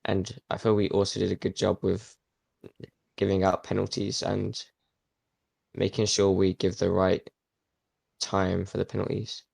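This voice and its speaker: A man's voice: low voice, completely flat delivery, measured pace, gravelly, long pauses, a little mellow, breathy edge, no echo. A young man answering interview questions as a league official, plain and matter-of-fact.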